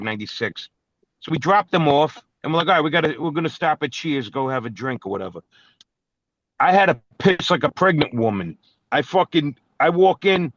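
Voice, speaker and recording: A man's voice: mid-range voice, fairly bright tone, no room sound. A man with a Brooklyn accent, co-hosting a podcast and telling profane, brash stories full of acted-out quotes. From New York. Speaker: podcast co-host. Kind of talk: casual storytelling chat. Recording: dull, dry lo-fi recording.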